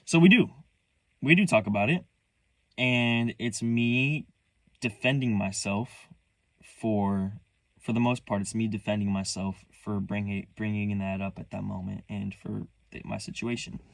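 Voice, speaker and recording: A young man with a lowish voice and plenty of vocal fry tells a personal story straight into the mic. His delivery is halting and earnest, full of restarts, with a hurt undertone. The sound is close and dry, with no room around it. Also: fairly even intonation, dry recording. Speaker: vlogger.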